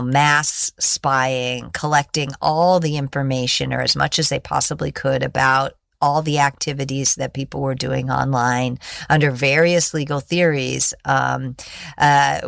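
A woman's voice: a bass voice, gravelly, fairly bright tone, no room sound, studio quality. A middle-aged woman, a guest in an interview, explaining and telling a story at length with frequent fillers and restarts. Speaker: guest, executive director of a digital rights group.

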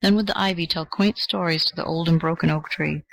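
A narrator reading an old fairy tale aloud in a measured, gentle way. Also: mid-range voice, fairly even intonation, gravelly, no room sound, rough recording. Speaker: audiobook narrator. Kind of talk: scripted storybook narration.

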